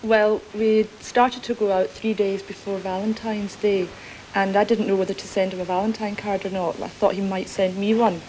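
A woman's voice: medium pitch, little pitch movement, normal speed, a little mellow, slight background noise, rough recording. A woman, a quiz show contestant who chats and tells a short story between answers. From Glasgow, Scotland. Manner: chatty, telling a short story with giggles. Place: television studio with audience.

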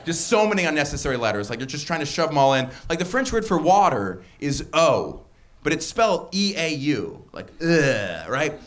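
A man's voice: a little high, normal speed. A man performing a stand-up comedy set on a club stage, talking wryly and jumping his voice up for punchlines. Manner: wry and animated, voice jumps up for punchlines.

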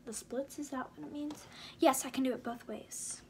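A woman's voice: high-pitched, steady tone, normal speed, slight background noise. A young American woman from Indiana answering questions in a casual vlog, chatty and giggly with many fillers. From Indiana, USA. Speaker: vlogger.

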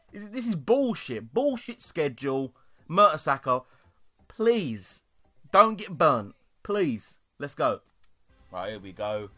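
A young British man commentating live on his football video game, excitable and sweary, shouting when goals go in. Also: mid-range voice. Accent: British English. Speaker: gaming YouTuber.

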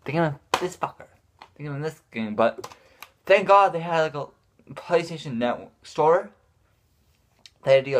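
A man ranting casually to his viewers, frustrated and swearing often, restarting his sentences. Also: a little high. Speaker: gaming vlogger.

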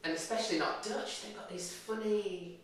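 A woman's voice: medium pitch, steady tone, moderate pace. Hesitant, chatty woman, echoey and distant. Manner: hesitant and self-deprecating, chatty with many fillers. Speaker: horse owner vlogger. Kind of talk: casual talk to camera. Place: outdoors on a farm yard in cold weather. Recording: echoey and distant with faint noise.

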